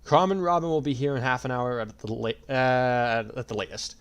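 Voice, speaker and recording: A man's voice: mid-range voice, fairly even intonation, normal speed, clear, resonant tone, lo-fi sound, lightly acted. A man voicing a stern, commanding young swordsman leading his friends.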